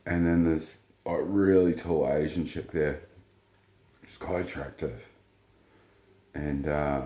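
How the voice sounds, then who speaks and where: In a roomy-sounding recording, a man with a bass voice rambles through a casual monologue as a vlogger. His story is blunt and profane, and he relays what people said in flat quotes.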